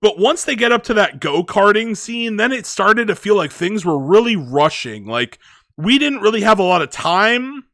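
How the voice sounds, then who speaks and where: A man's voice: high voice, sing-song, moderate pace, pushed and bright, dry recording, studio quality. A man giving a casual movie review, rambling with lots of filler words.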